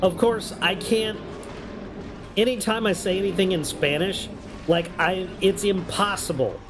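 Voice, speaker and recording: A high-voiced man from New York, now with a faint Southern drawl, talks at an unhurried pace. His voice swings widely as he chats and curses through a game stream, and faint music plays behind him. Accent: mild Southern drawl. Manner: chatty, profane, laughs often. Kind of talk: casual gameplay commentary.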